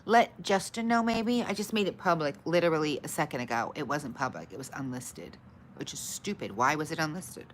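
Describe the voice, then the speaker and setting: A woman hosting her own livestream, grumbling about her tech troubles and brightly greeting her viewers. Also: sits low, expressive, a little fast, slight background noise. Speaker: livestream host. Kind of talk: casual livestream chat.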